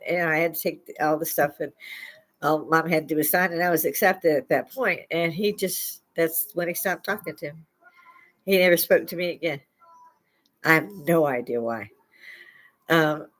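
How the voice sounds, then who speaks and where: An older woman from Chicago hosting a live stream, telling rambling stories into a lapel mic and often laughing mid-sentence. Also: on the low side. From Chicago, USA. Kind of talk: casual storytelling chat.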